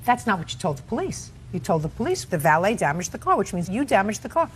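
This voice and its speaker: A woman's voice: medium pitch, big pitch swings, fast talker, a little hiss or hum. Stern lecturing woman judge. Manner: stern, lecturing, cuts people off. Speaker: television judge. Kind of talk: courtroom questioning.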